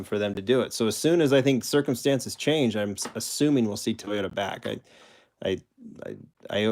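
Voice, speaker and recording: A man hosting a casual live stream, rambling and correcting himself as he answers chat questions and shows toy cars. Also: lowish voice. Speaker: host of a live collector stream.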